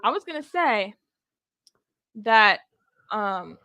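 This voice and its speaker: Bright-voiced chatty woman co-host. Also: mid-range voice, very animated, slow pace, smooth, no echo. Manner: chatty, laughs easily, teasing. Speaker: podcast co-host. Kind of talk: casual watch-along chat.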